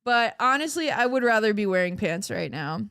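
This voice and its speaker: A woman's voice: mid-range voice, expressive, normal speed, a bit bright, smooth, no echo, studio quality. A woman chatting casually on a live stream, playful and giggly, laughing often, her voice cracking. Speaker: livestreamer.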